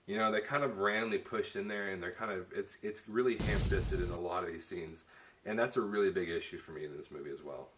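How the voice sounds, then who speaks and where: A man's voice: lowish voice, fairly bright tone. A man hosting a casual film review chat, talking loosely with many restarts. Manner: chatty, many restarts and "you know". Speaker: film reviewer, show host.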